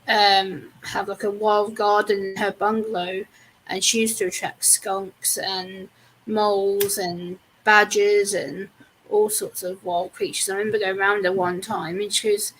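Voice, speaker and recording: A woman's voice: mid-range voice, little pitch movement, normal speed, a little hiss or hum, low-quality recording. A woman chatting casually as a guest, telling a personal anecdote with lots of "like" fillers. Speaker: live stream guest. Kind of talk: casual chat.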